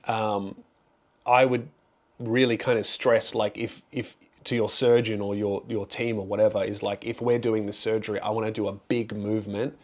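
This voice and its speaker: A man's voice: fairly low pitch, level tone, normal speed, darkish tone. A young adult man, a comedian hosting his own channel, answers questions in a casual, candid way. He sounds earnest and grateful and rambles with frequent restarts.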